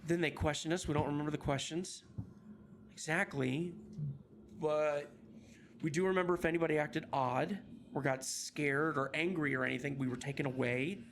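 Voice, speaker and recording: A man voicing a haunted returned captive who says "we" and talks in halting, broken phrases. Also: on the high side, steady tone, fairly bright tone. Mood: dazed. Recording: background noise.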